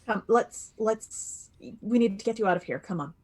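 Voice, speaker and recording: A man's voice: sits high, normal speed. A man voicing a composed male elf adventurer who speaks with earnest concern.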